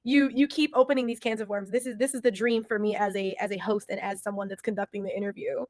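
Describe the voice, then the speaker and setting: A woman's voice: mid-range voice, steady tone, quick pace, darkish tone, no room sound, studio quality. A young woman hosting a podcast interview, affirming her guest and laughing often, with casual swearing. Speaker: podcast host.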